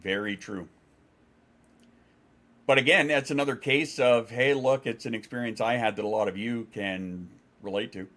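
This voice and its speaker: A man's voice: medium pitch, moderate pace, a bit bright. A man chatting casually on a livestream, reading chat aloud and replying in a rambling, profane way with frequent restarts. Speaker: streamer.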